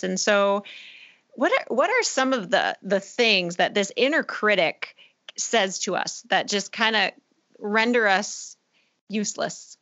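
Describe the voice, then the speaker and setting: A woman hosting a faith podcast, speaking in an affirming, energetic way. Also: mid-range voice, slow, dull audio. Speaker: podcast host. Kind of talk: faith-based podcast conversation.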